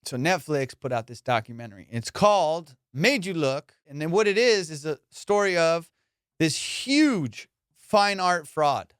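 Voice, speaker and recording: A man hosting a comedy podcast, ranting in a casual, profane, animated way and slipping into mock voices. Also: a little high, measured pace, clear, resonant tone, no echo, studio quality. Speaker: podcast host.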